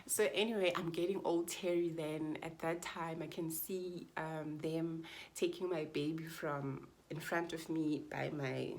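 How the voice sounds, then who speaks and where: Heartfelt woman telling a story, lower voice. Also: fairly even intonation, measured pace, darkish tone, a little hiss or hum. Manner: chatty and heartfelt, often addresses viewers as guys; repeats phrases for emphasis. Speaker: vlogger telling her birth story. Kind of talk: casual storytelling to camera.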